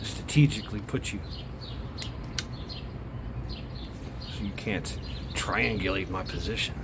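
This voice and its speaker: Casual male vlogger, breathless and sweaty, slow rambling delivery with casual swearing, recorded outdoors with noise behind. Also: fairly low pitch. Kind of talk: casual vlog monologue. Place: outdoors, hot day, moving out of an apartment.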